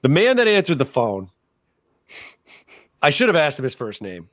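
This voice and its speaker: A man's voice: medium pitch, wildly swooping pitch, normal speed, fairly bright tone, no echo, studio quality. A man co-hosting a podcast, telling a story in casual, profane chat and acting out the voices of people he quotes. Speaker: podcast co-host.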